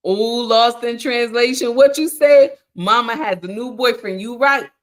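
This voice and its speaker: A woman hosting a casual livestream on relationships, speaking in an animated, preachy way, often calling listeners honey and answering chat comments. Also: on the high side, unhurried, hardly any pauses. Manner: reacts to chat comments while talking. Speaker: livestream relationship advice host.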